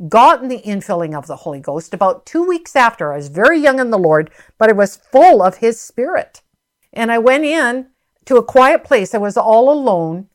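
A woman preaching a sermon and sharing a heartfelt personal testimony in an earnest, emphatic way. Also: medium pitch.

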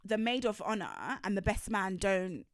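A woman's voice: medium pitch, very animated, dry recording, studio quality. Chatty rambling woman podcast host. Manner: chatty, rambling, quick asides. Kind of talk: casual chat.

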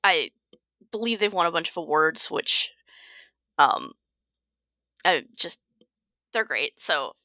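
A woman's voice: fairly low pitch, lively intonation, takes it slowly, pauses often, sharp tone, no echo, studio quality. A woman author, a guest on a podcast, talking casually and self-deprecatingly. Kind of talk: casual conversation.

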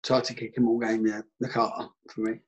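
A man, a former footballer, telling an anecdote casually, animated and swearing freely. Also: fairly low pitch, brisk.

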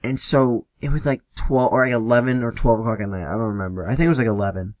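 A young man spins a story solo on his podcast, rambling along with filler words and the odd curse. His voice sits at an ordinary middle pitch. The sound is dry and close, with no room behind it. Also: quick pace, darkish tone, no echo. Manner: rambling, frequent "like" fillers, swearing. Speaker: podcast host. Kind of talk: casual storytelling.

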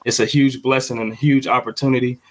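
A young man co-hosting a podcast as a father, talking in a heartfelt, halting way with many fillers and repeated words. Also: mid-range voice, flat delivery, slight background noise. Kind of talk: heartfelt casual podcast talk.

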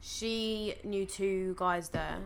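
A young woman, chatting casually and telling a lively story. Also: mid-range voice, very slow, creaky, heavy background noise. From London. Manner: animated storytelling. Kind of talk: casual chat.

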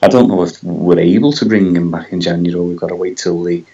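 A man's voice: low voice, fairly even intonation, quick pace, mellow, husky, highs cut off. A man with a Scouse accent, co-hosting a casual football podcast, hesitant and full of tag questions. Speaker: podcast co-host.

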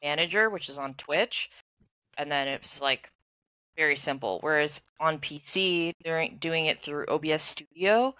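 A woman's voice: deep voice, measured pace, sharp tone, dry recording. A young woman co-hosting a podcast, rambling casually and full of "like". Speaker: podcast co-host and streamer. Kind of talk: casual chat.

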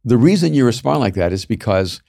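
A man in casual podcast chat giving thoughtful, measured feedback, with the odd "um". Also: mid-range voice, expressive, vocal fry, dark tone, no echo, clean studio sound.

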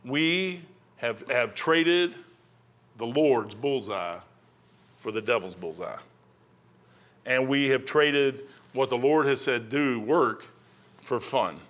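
An older man preaching a sermon as pastor, plain-spoken and folksy, building to loud outbursts. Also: mid-range voice, slow pace, pauses often.

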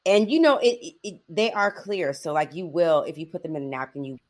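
A woman's voice: sits low, a little fast. Chatty middle-aged woman hosting a podcast. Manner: chatty, laughs often, lots of "like" and "you know". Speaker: podcast host. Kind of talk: casual chat.

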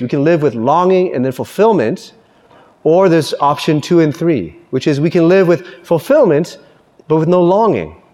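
A man preaches a Catholic homily, telling stories with animated energy and plenty of swing in his voice. His voice sits a touch high for a man. The sound carries a long reverb, as if from a church hall. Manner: animated, lively storytelling. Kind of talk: sermon.

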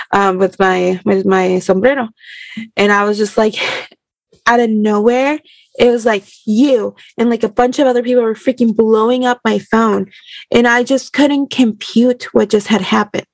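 A woman, a burlesque performer, telling a story in an animated, rambling way full of fillers. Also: medium pitch, gravelly, no room sound. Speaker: guest. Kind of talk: casual storytelling.

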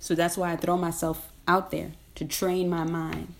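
A woman's voice: on the low side, level tone, moderate pace, vocal fry, slight background noise. A woman talking in a casual, rambling monologue. She is emphatic and slangy, laughs often, and repeats herself.

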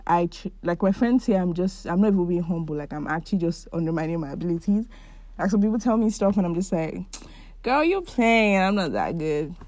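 Speaking fast in a lowish voice with no echo, a twenty-something woman talks through her emotions alone on her podcast. She comes across as warm, chatty and sincere, saying "like" often.

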